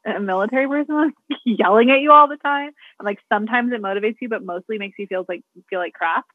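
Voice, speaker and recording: A woman's voice: a little high, quick pace, no room sound. Reflective woman on a tinny line. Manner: reflective and candid. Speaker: podcast co-host and clinician. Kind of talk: casual conversational podcast. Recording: dry, tinny phone-like line.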